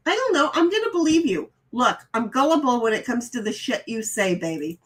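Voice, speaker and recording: Chatty higher-voiced woman streamer. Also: big pitch swings, fairly quick, few pauses. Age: middle-aged. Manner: chatty, reads chat messages aloud, frequent stammered restarts. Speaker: streamer host reading chat. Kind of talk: casual live-stream chat.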